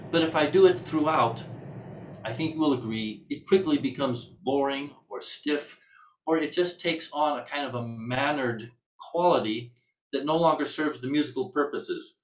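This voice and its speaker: A man of middle pitch leads a music workshop, explaining technique in a thoughtful, searching manner. He sounds like he is addressing a class, and the recording carries a noticeable roomy echo. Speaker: music teacher. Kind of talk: instructional workshop lecture. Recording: echoey room sound.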